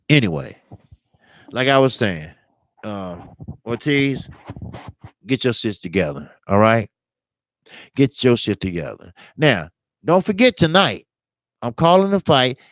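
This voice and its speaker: Here a boxing talk-show host delivers a loose commentary monologue, scolding fighters in emphatic rants and telling meandering stories thick with profanity. He has a mid-range voice, and there's no room sound.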